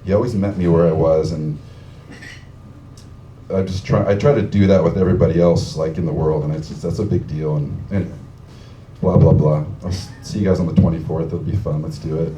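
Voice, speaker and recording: A man's voice: low-pitched, fairly even intonation, fairly quick, mellow, dull audio, a little hiss or hum. A man telling a rambling, heartfelt story on stage, full of fillers. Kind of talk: live storytelling tribute. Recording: distant from the mic in an echoey room.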